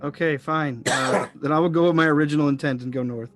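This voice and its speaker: A man plays a tabletop game over an online call. His humor is dry and sarcastic. Soft music lingers faintly behind. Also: on the high side, fast talker. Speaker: player. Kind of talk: casual chat during a tabletop game.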